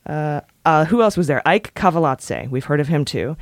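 A woman's voice: low-pitched, expressive, moderate pace, no room sound, clean studio sound. A woman co-hosting a podcast in casual chat, wry and jokey, breaking into goofy voices and bits of song. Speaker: podcast co-host.

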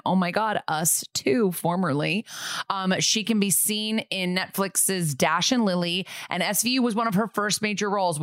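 A woman's voice: on the low side, dry recording. A woman co-hosting a podcast, talking casually with "um" and "like" and laughing along with her guest. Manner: relaxed, laughs along, fillers like "um" and "like". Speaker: podcast co-host.

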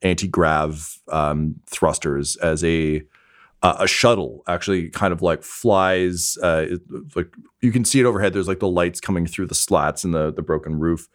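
A man's voice: low-pitched, fairly even intonation, moderate pace. A man narrating a tabletop game as game master, hesitant and full of filler words.

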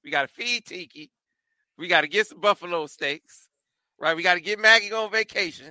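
Man hosting a sports podcast, very bright voice, dry close sound, easygoing. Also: sits high, brisk, no room sound. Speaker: podcast host. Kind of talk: casual sports talk.

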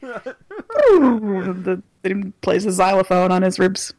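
A woman co-hosting a comedy podcast, building silly scenes with halting stops and restarts. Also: mid-range voice, big pitch swings, a little mellow. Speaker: podcast co-host. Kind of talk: casual comedic chat.

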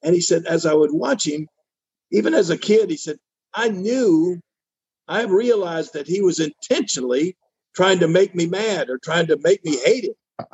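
A man's voice: sits high, expressive, moderate pace, darkish tone, breathy edge, no room sound, dull audio. An older man telling a long story in a casual interview, acting out the voices of the people he quotes. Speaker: interview guest.

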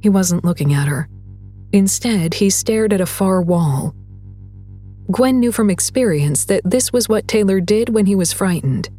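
Breathy woman narrating a story. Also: medium pitch, animated, a little slow, warm tone, faint music behind. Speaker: audiobook narrator.

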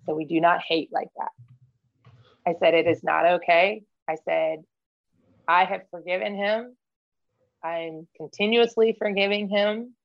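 Woman interview guest, candid and earnest, lowish voice, slightly muffled lo-fi sound. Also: fairly even intonation, a little slow, gravelly, pauses often. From United States. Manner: candid, earnest, many fillers and restarts. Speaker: podcast guest, Marine veteran. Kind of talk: casual interview conversation.

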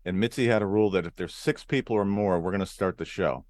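A man from Arizona, a comedian guest on a podcast, with a low-pitched voice and a lively storytelling flow. He slips into quick character voices as he talks, and the sound is dry and close with no room around it. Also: no room sound.

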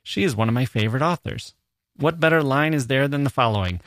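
A man's voice: mid-range voice, fast talker, a bit bright, no room sound, studio quality. A male American podcast host reading listener mail aloud, breaking off for playful, joking asides. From United States.

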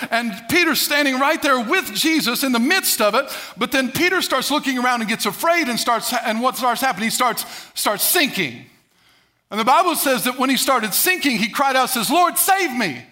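A male pastor preaching a sermon, emphatic, swinging between loud declarations and hushed asides, sometimes acting out quoted voices. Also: extremely high pitch.

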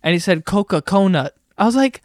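Animated, swearing man with a dry, close sound. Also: a little high, fairly quick, no room sound. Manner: animated storyteller, swearing, laughing often. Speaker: podcast host. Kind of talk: casual chat.

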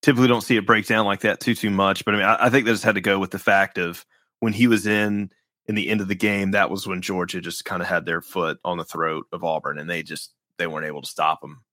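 A man with a fairly low voice talks through basketball numbers in a loose, rambling podcast chat. He doubles back on his phrases and sounds a little wry. The sound is close and dry. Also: little pitch movement, fast, sharp tone, dry recording. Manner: rambling, restarts phrases, wry about stats. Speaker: podcast host. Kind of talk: casual sports podcast chat.

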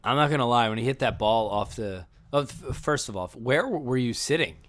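A man's voice: mid-range voice, lively intonation, brisk, fairly bright tone. A man co-hosting a casual sports podcast, rambling with hesitant restarts.

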